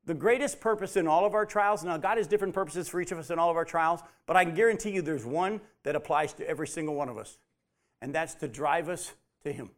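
A man's voice: a little high, quick pace, few pauses. A man teaching a Bible study, emphatic, repeating his key points and putting questions to the group.

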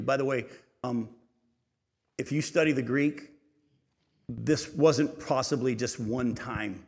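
A male pastor preaching in a mid-range voice. He reads scripture aloud, then comments on it, moving between loud emphasis and soft, hushed passages. The sound carries a long reverb, like a large church hall. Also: mid-range voice, measured pace, gravelly, pauses often. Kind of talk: sermon.

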